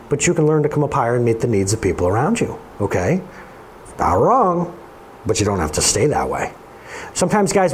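Animated man preaching a sermon, lively pitch. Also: a little hiss or hum. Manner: animated, conversational, addresses the congregation directly. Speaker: pastor.

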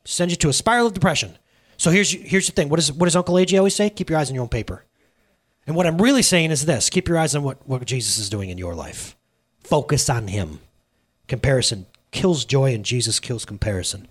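Animated man in his thirties preaching. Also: on the high side, brisk, slightly rough. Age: 30s. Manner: lively, animated, plays out quoted dialogue. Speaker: pastor. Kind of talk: sermon with storytelling. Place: church sanctuary.

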